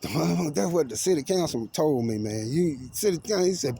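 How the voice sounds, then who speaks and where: A man tells a rambling, profane, paranoid story outdoors, swinging between loud outbursts and low mutters. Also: expressive, fast talker, vocal fry, hardly any pauses, a little hiss or hum. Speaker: vlogger. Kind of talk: agitated personal storytelling to camera. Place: outdoors among trees.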